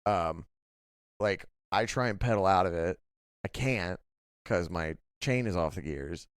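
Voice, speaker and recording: A young man co-hosts a late-night podcast, chatting casually and rambling through his stories with lots of filler and swearing. His voice sits low and comes through smooth and resonant. The close mic keeps it dry, with no room sound. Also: lively intonation, measured pace, no echo. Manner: rambling storytelling full of "like" and swearing. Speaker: podcast co-host.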